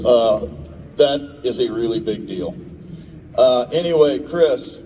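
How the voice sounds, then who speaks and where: An awards presenter with a mellow, mid-range voice gives an emotional, rambling, off-the-cuff speech in a large event hall, often interrupting himself. A distant mic picks him up in the reverberant room, with slight background noise.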